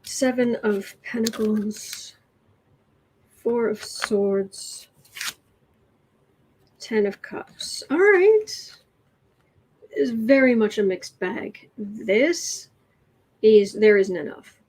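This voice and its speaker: A woman's voice: a little high, animated, drawn-out words, long pauses, a little mellow, slightly rough, poor audio. A woman hosting a casual livestream, reading tarot cards and reacting to the news with musing, trailing thoughts, sardonic asides and occasional dips into a whisper. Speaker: tarot reader and livestream host.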